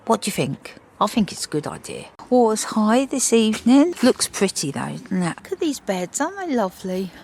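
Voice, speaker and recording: A woman's voice: medium pitch, big pitch swings, normal speed, creaky, hardly any pauses, a little mellow, breathy edge. A woman chatting upbeat to camera in a casual vlog. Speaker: vlogger.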